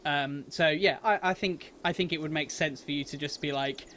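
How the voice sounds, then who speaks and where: A man's voice: fairly high pitch, fairly even intonation, normal speed, sharp tone, slight background noise. A British man as dungeon master, narrating an improvised tabletop game and thinking his rulings through aloud. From Britain.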